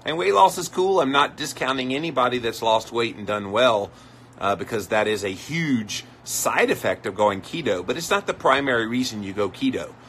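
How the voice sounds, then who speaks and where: A man with a medium-pitched, slightly bright voice speaks animatedly at normal speed while hosting a live stream. He chats casually, reading viewer comments aloud and reacting to them with mock voices. A little hiss or hum sits in the audio.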